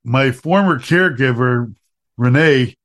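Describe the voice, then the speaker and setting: A man's voice: medium pitch, a little slow, fairly bright tone. A man hosting a talk show, blunt and wry, telling anecdotes as he talks. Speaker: podcast host. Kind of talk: opinionated talk show chat.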